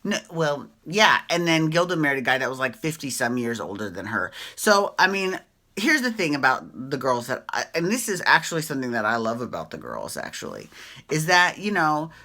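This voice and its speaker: A woman's voice: extremely low pitch, sing-song, normal speed, pushed and bright. A woman hosting a casual reality TV recap, chatty and opinionated, swearing freely and often tagging her points with "right?".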